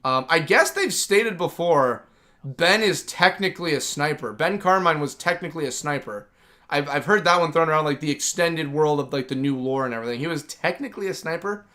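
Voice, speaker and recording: A man's voice: on the high side, lively intonation, fairly quick, pushed and bright. A man hosting a gaming livestream, chatting casually and enthusiastically, rambling with lots of "like". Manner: rambling and enthusiastic, heavy use of "like". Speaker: livestream host.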